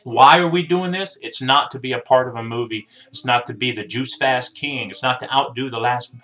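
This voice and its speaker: A man in his forties speaks straight to the camera from his home in a personal video message. He is earnest and heartfelt and urges the people he loves to take care of themselves. His voice sits at an ordinary middle pitch. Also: steady tone, fairly quick, sharp tone. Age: 40s. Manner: earnest, heartfelt, pleading with loved ones. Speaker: vlogger sharing a diet journey.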